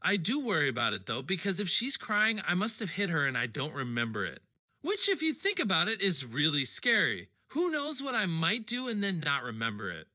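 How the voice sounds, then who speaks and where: An expressive man narrates a story in the first person. His voice runs high and swings widely. The tone is very bright and sharp. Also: brisk. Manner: animated, expressive. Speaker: audiobook reader.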